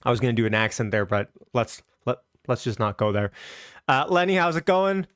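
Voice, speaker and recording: A man's voice: mid-range voice, very animated, fairly quick, a bit bright, dry recording, clean studio sound. A man hosting a casual stock market livestream, upbeat and chatty, greeting viewers from the chat with loose restarts.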